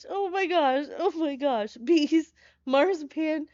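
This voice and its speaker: A woman horror streamer chatting live with her viewers, excitable, laughing often and swearing when startled, talking from a hotel room. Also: sits high, slow pace, no room sound, highs cut off.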